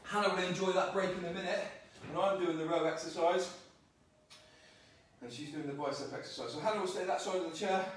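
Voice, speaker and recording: A man's voice: high voice, fairly quick, a little hiss or hum. A male fitness trainer leading a live workout, upbeat and coaching, counting reps aloud. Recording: echoey room, mic far off.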